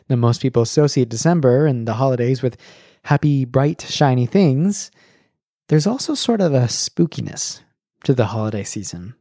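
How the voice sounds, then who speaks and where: A man's voice: medium pitch, animated, moderate pace, mellow, no echo, studio quality. Playful American man hosting a podcast. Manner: playful, jokey, punning. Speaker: podcast host.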